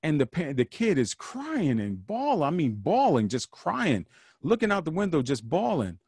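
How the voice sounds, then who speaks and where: A man's voice: a little high, wildly swooping pitch, moderate pace, darkish tone, breathy edge, no room sound, clean studio sound. A man hosting a podcast, talking alone with an earnest, preachy manner and repeating phrases for emphasis. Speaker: podcast host. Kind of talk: solo podcast monologue.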